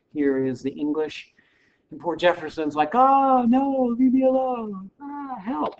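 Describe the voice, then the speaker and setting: A history lecturer giving a recorded class lecture in a casual, wry, joking way, in a dull lo-fi recording. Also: medium pitch.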